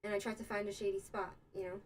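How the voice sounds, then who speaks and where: A woman's voice: mid-range voice, little pitch movement, fast, a little hiss or hum, rough recording. A young American woman hosting a casual livestream, rambling through a story and answering chat comments. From United States. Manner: rambling, chatty, with many fillers and asides. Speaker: livestream host. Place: Israel.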